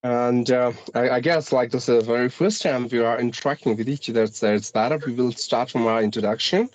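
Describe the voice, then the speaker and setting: A man's voice: medium pitch, brisk. A man with an Indian English accent, an English teacher interviewing a guest in a formal, polite way, with frequent filler sounds. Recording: dull lo-fi call audio, dry.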